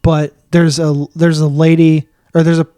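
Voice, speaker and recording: Rambling, slightly higher-voiced male co-host. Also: flat delivery, moderate pace, warm tone, no echo, clean studio sound. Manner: rambling storytelling with fillers and restarts. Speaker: podcast co-host. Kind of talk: casual chat.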